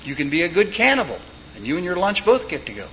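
A man's voice: high voice, sing-song, quick pace, pushed and bright. A man preaching a sermon in a folksy way, with joking asides and short told stories. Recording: dull lo-fi recording with faint background noise.

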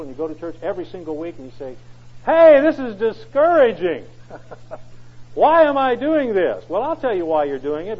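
A man's voice: fairly high pitch, dark tone, breathy edge. A man preaching a sermon in an emphatic way, often asking rhetorical questions. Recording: dull lo-fi recording.

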